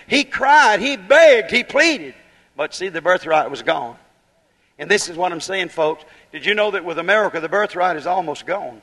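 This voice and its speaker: High-voiced preacher in a reverberant hall. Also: male voice, moderate pace, a bit bright. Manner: preaches in rising, emphatic bursts, with rhetorical questions. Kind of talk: fiery holiness sermon.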